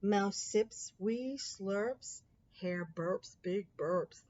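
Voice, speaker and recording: Woman reading a picture book slowly. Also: mid-range voice, darkish tone, muffled recording, a little hiss or hum. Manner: slow, sing-song storytelling. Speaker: storybook reader. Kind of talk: picture book read-aloud.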